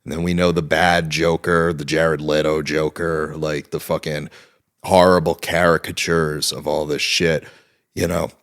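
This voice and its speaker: A young man with a very deep, low voice, speaking as a guest in a relaxed interview. He tells his story with lively energy and swears freely along the way. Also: a little slow, clear, resonant tone. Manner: animated storytelling, heavy swearing. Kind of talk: casual interview talk.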